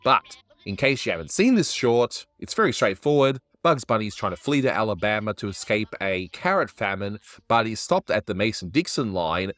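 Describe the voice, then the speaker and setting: Low-voiced man hosting a review. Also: very animated, a bit bright, no echo. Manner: wry, chatty, quick asides. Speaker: cartoon review host. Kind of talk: casual review chat.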